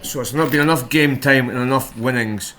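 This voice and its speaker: A man's voice: medium pitch, a little fast, a bit bright. A man chatting casually as a gaming vlogger, rambling and correcting himself as he goes. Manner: rambling, self-correcting, hesitant. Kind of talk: casual chat to camera.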